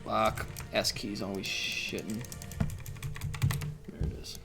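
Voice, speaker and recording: A man's voice: lowish voice, flat delivery, takes it slowly, gravelly, loud music behind the voice. A young man with a Liverpool accent chatting casually and teasingly while building in a game, swearing freely.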